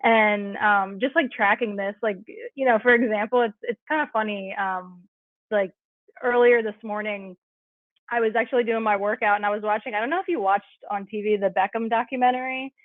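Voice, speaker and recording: A woman speaks as a podcast guest, chatty and filler-heavy, over a thin, phone-like line. Her voice is dry and close, with no room around it, and sits at an ordinary pitch. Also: steady tone, a little fast, no room sound. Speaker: guest, cycle syncing coach. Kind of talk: casual podcast chat.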